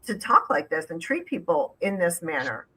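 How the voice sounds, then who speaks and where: A woman hosting a discussion, speaking with indignant emphasis. Her voice is bright and forceful, and she lets sarcasm creep in. She sits a little low in pitch. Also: big pitch swings, normal speed, husky, rough recording. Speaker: host. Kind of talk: casual discussion.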